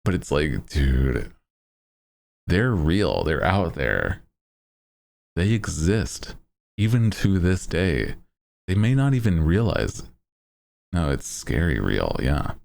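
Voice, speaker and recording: A man chatting casually on a livestream, laid-back and rambling, with plenty of "like" and "dude." His voice is extremely deep and gravelly with slow, unhurried pacing. His pitch still swings a lot as he talks. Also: a little mellow. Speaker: streamer.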